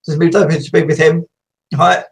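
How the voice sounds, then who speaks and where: A man hosting a casual video chat, rambling and laughing often, a little croaky. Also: a little high, little pitch movement, fairly quick. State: slightly croaky. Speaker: host.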